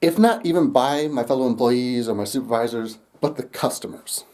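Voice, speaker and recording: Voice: mid-range voice, fairly quick, warm tone. A young adult vlogger telling a rambling story straight to camera, laughing often and swearing casually.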